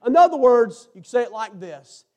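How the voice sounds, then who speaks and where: A man preaching a sermon, swinging between hushed, intimate lines and fervent shouts. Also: very high voice, very animated, moderate pace.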